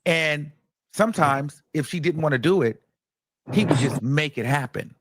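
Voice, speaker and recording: A man hosting a casual live stream, recapping a court case with animated storytelling and acting out quotes, chatting with his viewers. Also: a little high, normal speed. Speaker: host of a live commentary stream.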